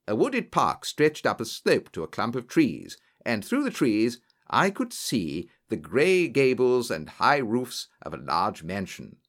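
A man's voice: medium pitch, a little slow, few pauses. A man narrating a storybook, reading expressively and acting out the dialogue. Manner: expressive, voices characters in dialogue. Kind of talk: audiobook narration.

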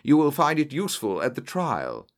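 A man puts on a cool, clipped detective with a curt, measured way of speaking. It is a storybook voice, calm and unhurried. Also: mid-range voice.

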